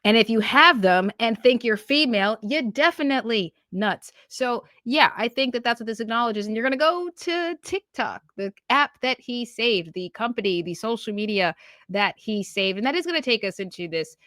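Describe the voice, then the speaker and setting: A woman's voice: a little high, lively intonation, moderate pace, fairly bright tone, no room sound, clean studio sound. A woman hosting a commentary show, talking emphatically and laughing, with slang like "yo" and "okay" thrown in. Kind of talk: opinionated commentary.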